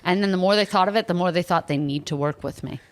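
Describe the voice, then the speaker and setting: A young woman hosting a podcast, retelling a story in an animated, exaggerated way with sudden loud outbursts. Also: on the low side, fast. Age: young adult. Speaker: podcast host. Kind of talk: casual comedic storytelling.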